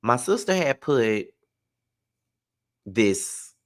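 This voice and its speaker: A man's voice: medium pitch, big pitch swings, very slow. A man telling a personal story to camera in a casual storytime vlog, emphatic and profane. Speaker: vlogger.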